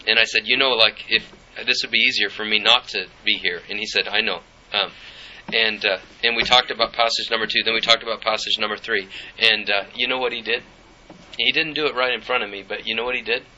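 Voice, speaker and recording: Male preacher, middle-aged, earnest storytelling, low voice, dull lo-fi recording with faint hiss. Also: fairly even intonation, brisk, sharp tone. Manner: earnest, personal storytelling with scripture reading. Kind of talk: sermon.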